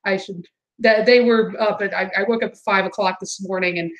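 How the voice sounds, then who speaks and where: A woman hosting a casual livestream, chatting and answering chat comments, sometimes mimicking others in high exaggerated voices. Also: fairly even intonation, fairly quick, rough recording. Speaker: livestream host.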